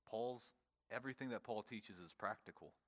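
Emphatic male preacher in a church. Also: fairly low pitch. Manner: emphatic preaching with pauses and repetitions. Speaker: pastor. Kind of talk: sermon.

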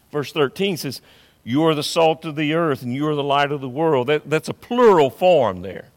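A man's voice: a little high, in a large hall. A man preaching a sermon as pastor, emphatic and repetitive, swelling and dropping in intensity.

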